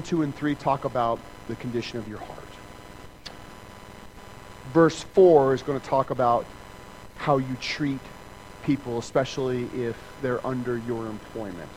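A male pastor preaches with a lively voice that swings high and low, slipping into little acted scenes and sound effects as he goes. He checks in with "right?" again and again, and a faint hum of noise sits under the recording. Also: poor audio. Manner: conversational, asks "right?" often. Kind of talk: sermon.

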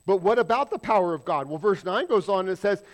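A man preaching a sermon, asking the congregation rhetorical questions and answering them with emphasis, sometimes dropping to a hushed tone. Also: high-pitched, animated, a little fast. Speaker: pastor.

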